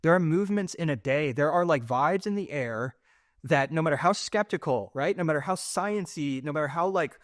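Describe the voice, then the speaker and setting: A man's voice: on the high side, lively intonation, normal speed, dry recording. Rambling middle-aged man, dry close sound. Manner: rambling, searching for words with many fillers and restarts. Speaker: podcast host. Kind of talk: casual conversational interview.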